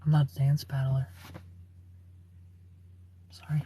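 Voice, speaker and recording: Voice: medium pitch, completely flat delivery, takes it slowly, mellow, breathy edge. A livestreamer in their thirties answering chat comments in a chatty, opinionated way and laughing often. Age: 30s.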